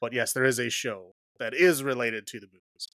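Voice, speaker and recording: A man's voice: mid-range voice, moderate pace, fairly bright tone, dry recording. A man hosting a casual horror podcast, chatting with a co-host and laughing often as he trails off mid-thought.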